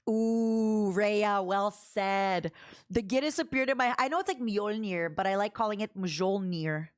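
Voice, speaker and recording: A woman's voice: mid-range voice, a little slow. A woman streamer chatting casually with her viewers, reading their messages aloud and laughing often. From Canada. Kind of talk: casual livestream chat.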